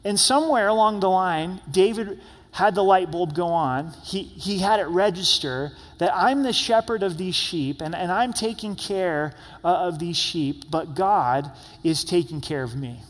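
A man's voice: high voice, measured pace, in a large hall. A man in his young adult years preaching an earnest, conversational sermon at a church service, often repeating words as he speaks. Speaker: pastor.

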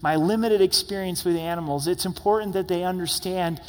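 A man's voice: high voice, a little fast, in a large hall. A man in his young adult years preaching an earnest, conversational sermon at a church service, often repeating words as he speaks. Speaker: pastor.

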